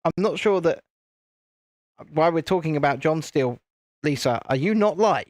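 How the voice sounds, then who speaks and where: A man's voice: on the high side, expressive, normal speed, no echo. British man, livestream host, rambling casual chat, jokey, dry close mic. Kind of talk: casual live-stream chat while building.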